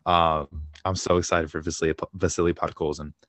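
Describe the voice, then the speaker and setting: Home nursing a fractured shin, a young male sports podcast co-host chats casually, getting worked up as he swears and laughs through stories. His voice is low-pitched and fairly quick, with no echo.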